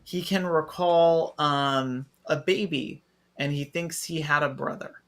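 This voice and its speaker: Male podcast co-host, bright and forward tone, excitable and animated delivery. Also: on the high side, slow pace. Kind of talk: casual review chat.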